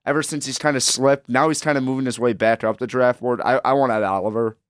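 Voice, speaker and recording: A man's voice: mid-range voice, fairly even intonation, fast, clear, resonant tone, dry recording, clean studio sound. A young man co-hosting a casual sports talk show who rambles, repeats words and keeps saying "like". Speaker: co-host.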